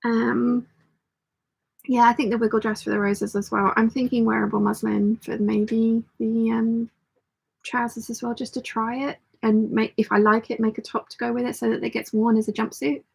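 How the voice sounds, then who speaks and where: Woman, fairly high voice, gravelly and husky, rambling live stream chat, thinks aloud, answers viewers. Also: flat delivery, moderate pace, rough recording. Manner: chatty and rambling, thinks aloud while sewing; reads out and answers viewer comments. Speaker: sewing channel host.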